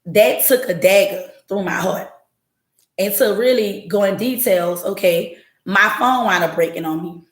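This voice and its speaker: A woman's voice: mid-range voice, measured pace, roomy sound. A woman hosting a podcast on a livestream, telling her story bluntly and with profanity while talking straight to her chat. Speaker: podcast host. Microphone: home livestream setup.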